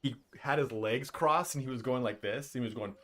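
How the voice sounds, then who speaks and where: A man's voice: medium pitch, moderate pace, a bit bright. A young man streaming from home, chatting casually and telling rambling stories with lots of swearing and filler words. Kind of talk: casual livestream chat.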